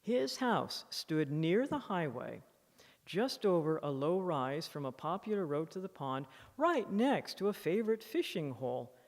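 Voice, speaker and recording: A woman author giving a public lecture, reading from her book with expressive, animated emphasis at a podium microphone. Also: deep voice, measured pace. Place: lecture hall in a library museum. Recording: long reverb of a lecture hall.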